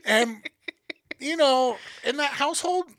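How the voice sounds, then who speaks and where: Male podcast co-host, profane animated storyteller, gravelly bright voice. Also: very high voice, slow, dry recording. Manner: profane, animated storyteller acting out family members. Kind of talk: casual storytelling.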